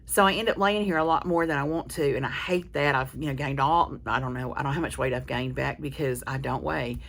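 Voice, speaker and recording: A woman talks straight to her viewers in a low, gravelly voice. She rambles candidly from one thing to the next, often stopping and restarting her sentences. Her vocal fry sits under nearly every phrase. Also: a little fast. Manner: meandering, candid storytelling with many restarts. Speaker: vlogger. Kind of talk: casual chat to camera.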